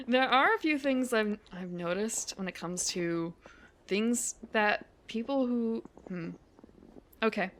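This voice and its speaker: A woman's voice: on the high side, animated, slow, pauses often, fairly bright tone, slight background noise. A woman streamer chatting casually while out on a winter walk, rambling, correcting herself and laughing often. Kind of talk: casual chat while walking.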